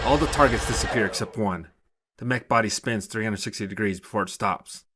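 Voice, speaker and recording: A man narrating a short story in a steady, even storytelling manner. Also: lowish voice, brisk, a little hiss or hum. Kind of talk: scripted narration.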